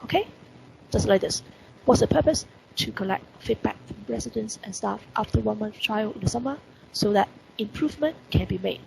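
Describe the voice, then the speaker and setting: A woman's voice: mid-range voice, expressive, brisk, creaky, darkish tone, slight background noise, low-quality recording. A woman with a Hong Kong accent teaching an online English lesson, stressing key words and asking rhetorical questions. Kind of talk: online lesson explaining report writing. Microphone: computer mic on video call.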